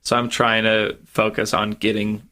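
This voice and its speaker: A man's voice: fairly low pitch, completely flat delivery, moderate pace, bright, forceful tone. A man playing a tabletop game, talking casually and eagerly with the group. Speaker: player.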